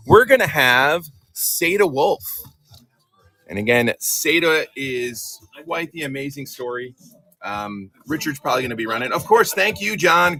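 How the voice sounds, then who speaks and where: A man's voice: on the high side, sharp tone, husky, poor audio. A man hosting a live comic giveaway stream, chatty and upbeat. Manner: upbeat, chatty, joking banter. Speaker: livestream host. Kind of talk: casual livestream chat.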